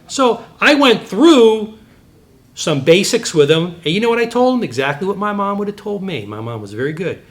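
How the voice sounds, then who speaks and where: A middle-aged man giving a Christian apologetics teaching talk, telling animated, digressive personal stories with sudden jumps in pitch. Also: moderate pace.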